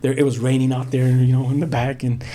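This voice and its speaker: A man's voice: mid-range voice, level tone, fast talker, mellow. A middle-aged man from South Central Los Angeles speaks as a pastor sharing his testimony on a podcast. He tells the story in an easygoing, conversational way, often saying "you know". He acts out the back-and-forth of what people said. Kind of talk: personal testimony in a podcast interview.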